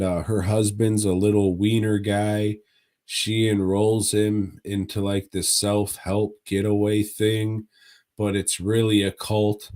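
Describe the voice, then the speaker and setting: A man's voice: lowish voice, darkish tone. A man co-hosting a podcast, chatting casually and profanely about movies in a laid-back, rambling way. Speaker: podcast co-host. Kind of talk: casual movie review chat.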